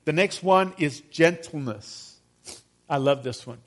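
A man's voice: a little high, takes it slowly, long pauses. A middle-aged man preaching a sermon as pastor, conversational, often asking the congregation to agree with him. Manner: conversational, addresses congregation with call-and-response questions.

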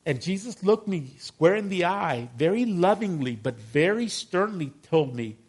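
Higher-voiced middle-aged male pastor preaching. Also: big pitch swings, measured pace, husky. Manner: conversational, addresses congregation with call-and-response questions. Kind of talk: sermon.

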